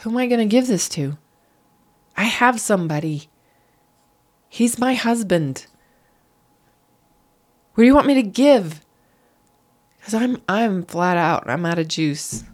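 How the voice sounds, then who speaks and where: A middle-aged woman, a podcast guest, telling a painful personal story in an earnest, animated way. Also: medium pitch, unhurried, pauses often. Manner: earnest, animated, acts out quoted voices.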